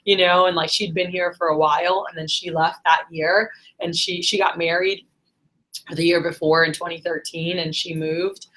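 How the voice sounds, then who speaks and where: A woman's voice: on the low side, flat delivery, normal speed, a bit bright. A woman in her thirties telling a personal story in a casual, rambling monologue full of fillers. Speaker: vlogger.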